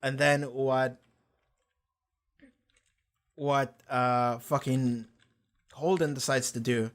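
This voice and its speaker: A man's voice: mid-range voice, fairly even intonation, extremely slow. A young man hosting a casual reaction video, rambling through an episode with lots of fillers and swearing. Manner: loose and rambling, swears a lot, many fillers.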